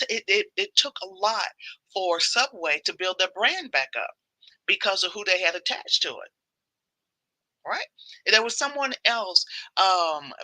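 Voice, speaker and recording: A woman's voice: mid-range voice, bright, forceful tone, dry recording, low-quality recording. A woman hosting a casual devotional livestream, chatty and repeating phrases for emphasis.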